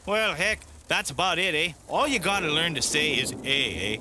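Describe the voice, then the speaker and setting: An actor voicing a friendly, chatty Canadian camper with a Canadian accent and a folksy drawl, tacking "eh" onto everything. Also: male voice, on the high side, moderate pace, noisy background, close to an everyday voice. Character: jolly Canadian camper man, chatty backwoods brother.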